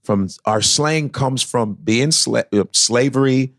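A man talking as a guest on a comedy podcast, emphatic and a little profane, often slipping into quick mimicked voices. His voice sits at an ordinary middle pitch. The sound is dry and close, with no room around it. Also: dry recording. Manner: animated, breaks into mimicked voices. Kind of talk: casual chat.

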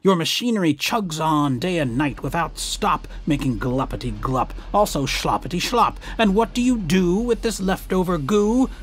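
A man voicing a grumpy, scolding little male forest creature in a storybook reading, with a croaky voice. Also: high-pitched, expressive, moderate pace, few pauses. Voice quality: croaky, coughing. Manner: snappish, scolding.

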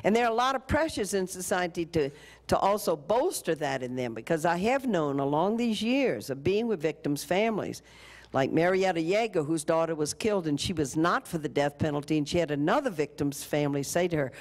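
An older woman giving a storytelling lecture at a college, animated, slipping into the voices of the people in her story. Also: low-pitched, fairly quick. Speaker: keynote speaker.

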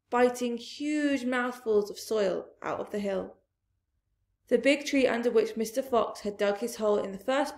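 Slow, expressive woman reading a storybook. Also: fairly high pitch, vocal fry. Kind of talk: storybook read-aloud. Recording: roomy echoey room.

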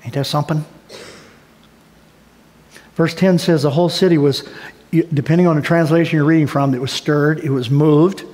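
A man delivers a sermon from the pulpit in a high, lifted voice. He tells folksy, animated stories with playful asides. A long hall reverb trails each phrase. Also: moderate pace, long pauses. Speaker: pastor. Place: church sanctuary.

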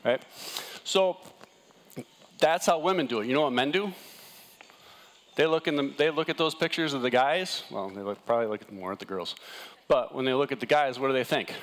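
Animated man giving a wellness talk. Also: a little high, fairly quick. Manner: animated, jokey, asks the room "right?". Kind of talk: casual seminar talk to a live audience.

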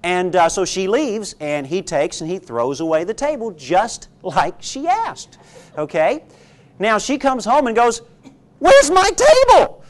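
A man's voice: high voice, expressive, a little slow. A man pastor delivering a sermon, emphatic and rhetorical, often checking in with the congregation. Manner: emphatic, rhetorical, frequent "okay?" check-ins.

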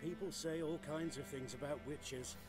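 An actor playing a humble, worried wagon merchant in a video game, speaking politely and deferentially. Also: male voice, a little high, fairly even intonation, normal speed, natural voice. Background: loud game music.

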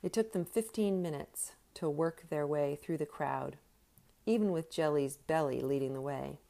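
A woman narrating a novel aloud with steady, clear storytelling. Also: low voice, normal speed. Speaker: audiobook narrator. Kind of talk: scripted narration.

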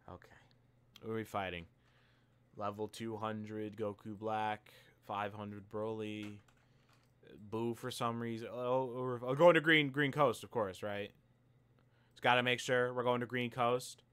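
A man's voice: mid-range voice, normal speed, long pauses, bright, forceful tone, smooth. A young man giving frustrated, profane commentary over his gameplay, often repeating and restarting his phrases as he rants. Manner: ranting, frustrated, swears often. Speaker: gaming video creator.

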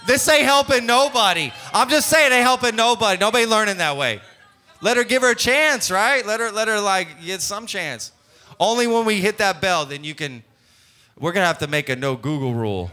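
Lively high-voiced man hosting trivia. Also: fairly quick. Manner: playful, laughing, teasing. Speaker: trivia night host. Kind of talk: live event banter. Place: comedy nightclub.

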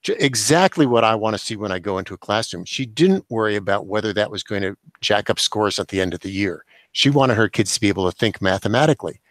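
An older man, a professor and author, giving measured, explanatory answers as a guest in an interview. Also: on the low side, lively intonation, fairly bright tone, no echo. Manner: measured, explanatory, occasional chuckle.

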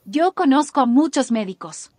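A female text-to-speech voice from a language app, reading example sentences in a crisp, even way. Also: high voice, brisk, slight background noise. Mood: neutral. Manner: crisp, even, machine-read delivery.

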